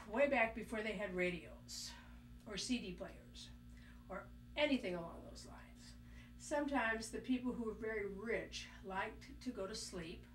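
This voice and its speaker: A woman's voice: fairly high pitch, slight background noise. A woman teaching violin, counting beats aloud and calling out short cues like "glue" and "squirt" while she plays. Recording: echoey room, mic at a distance. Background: violin playing along.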